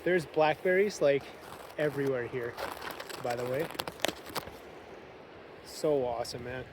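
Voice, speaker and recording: A young man vlogging casually outdoors on a windy coast, rambling enthusiastically in relaxed slang. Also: medium pitch, a little slow. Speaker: travel vlogger. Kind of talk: casual travel vlog. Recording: wind noise on the mic.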